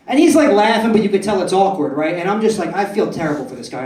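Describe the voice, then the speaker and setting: A brash young man working a stand-up crowd, swearing freely and tossing "right?" at the audience. His voice sits slightly high for a man. It comes from a little way off the mic and rings in a roomy club. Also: animated, fast, hardly any pauses, darkish tone, far from the mic. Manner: profane, brash, keeps asking the crowd "right?". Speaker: stand-up comedian. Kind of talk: stand-up comedy set. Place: comedy club stage.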